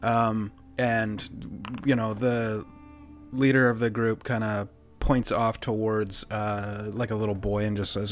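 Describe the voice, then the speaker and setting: A man narrating as game master, relaxed and full of fillers. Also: on the low side, takes it slowly, faint music behind.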